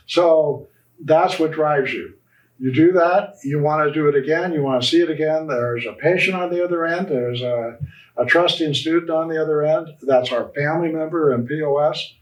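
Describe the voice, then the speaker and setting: A man's voice: on the high side, normal speed. Guy gushing about his dental work, kinda rambly, echoey room, mic far off. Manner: passionate, rambling. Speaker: orthodontic practice founder and mentor. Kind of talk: conversational interview answers. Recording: roomy echo, distant mic.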